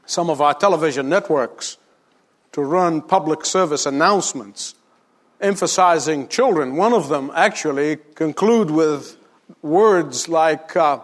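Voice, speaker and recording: A man's voice: on the high side, normal speed. A middle-aged man preaching a sermon, emphatic and fond of rhetorical questions, repeating lines for stress. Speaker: pastor.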